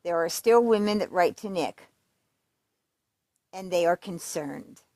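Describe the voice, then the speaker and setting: A woman's voice: lowish voice, unhurried, darkish tone, no echo. A woman giving casual true crime commentary, reading letters aloud in a conversational, emphatic way with fillers and restarts.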